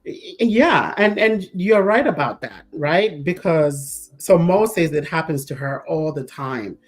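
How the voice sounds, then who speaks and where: A woman co-hosting a casual talk show, telling stories with lively quoted voices and frequent laughs. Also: sits low, a little slow. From Zambia. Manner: animated storyteller, acts out quoted voices, laughs often. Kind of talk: casual chat.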